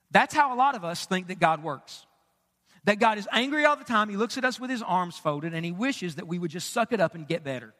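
A male pastor delivers his sermon in a very high, sharp, forceful voice. He talks emphatically and conversationally, tossing out rhetorical questions and jokes. His voice rings through a church with a long reverb tail. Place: church sanctuary.

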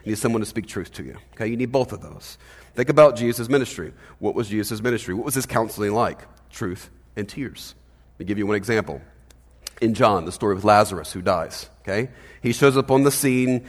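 A man preaching a sermon as pastor, conversational and animated, often checking in with "right?". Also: lowish voice, a little fast, in a large hall. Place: church hall.

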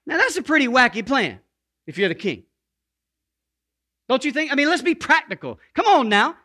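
A man preaching to a congregation in a high voice, pressing his points home by slowing down on each key word. His tone is bright and forceful, and he breaks off for playful asides and asks the people to say lines back to him. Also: big pitch swings, husky. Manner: emphatic, slows to stress key words; calls on the congregation to repeat lines. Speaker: pastor. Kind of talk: sermon.

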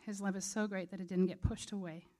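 A woman's voice: medium pitch, level tone, fast, mellow. A woman preaching a sermon in an earnest, conversational way.

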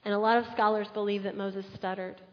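Woman pastor, lively storytelling sermon, echoing hall, dull sound. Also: mid-range voice, a little fast. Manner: animated storytelling with acted-out quotes.

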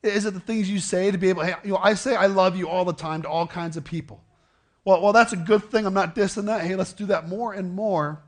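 Conversational man preaching a sermon. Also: high-pitched. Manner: conversational, asks the audience questions, repeats words. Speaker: pastor.

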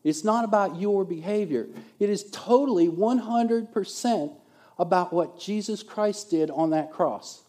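A man preaching a sermon as a pastor, animated, swinging between loud emphasis and quiet asides. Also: high voice, a little slow.

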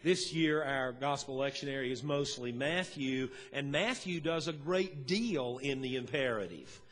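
A middle-aged pastor preaching a sermon in a folksy, storytelling way, chuckling now and then. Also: male voice, mid-range voice, measured pace, fairly bright tone. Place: church sanctuary. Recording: long church hall reverb.

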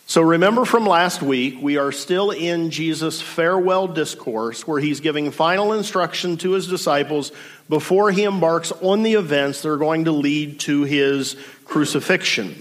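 A male pastor delivers a sermon with a fairly high voice and a deliberate, emphatic delivery. He slows down and sinks low on the words he wants to land. His voice carries a long hall reverb.

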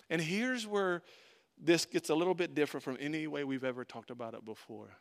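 A male pastor with a fairly high, brisk voice preaches a sermon, reading scripture aloud and commenting on it. His delivery swings sharply between forceful emphasis and nearly hushed lines.

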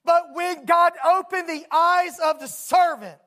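A preacher delivering a sermon, telling a story dramatically and bursting into emphatic shouts. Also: very high-pitched, steady tone, measured pace.

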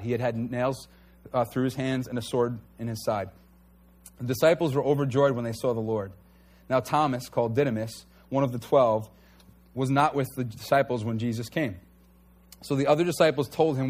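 A man's voice: mid-range voice, fairly even intonation, brisk, darkish tone. A man preaching a conversational sermon to a church congregation, earnest and candid. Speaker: pastor.

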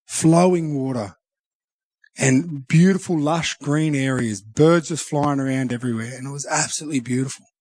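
A man sharing a personal devotional reflection, earnest and halting, often restarting his sentences. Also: medium pitch, a little mellow, no room sound. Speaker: Christian speaker sharing a devotional.

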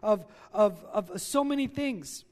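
A man's voice: sits high, animated, slow pace, darkish tone. A male pastor preaching a sermon, talking straight to his listeners and repeating key lines for emphasis.

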